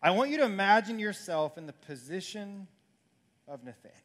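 A man's voice: high-pitched, animated, moderate pace, a bit bright. A man preaching a sermon as pastor, earnest and building to urgent questions.

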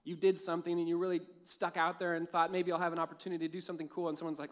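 A young man preaching a sermon in a church, telling a lively personal story and laughing at his own jokes. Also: fairly high pitch, very fast, hardly any pauses. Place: church with a live audience.

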